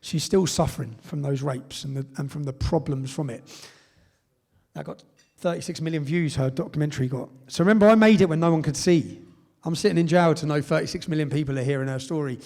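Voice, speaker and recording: A man's voice: fairly high pitch, brisk, creaky, darkish tone. A middle-aged English man from Britain giving a live speech, telling his story emphatically and often tagging sentences with "yeah?". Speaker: public speaker. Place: event hall.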